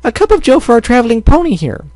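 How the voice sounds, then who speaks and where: Guy doing a sweet fussy baker mom pony, way high, storybook reading. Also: sing-song, quick pace, darkish tone, no echo. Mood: doting. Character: sweet motherly female baker pony, fussing.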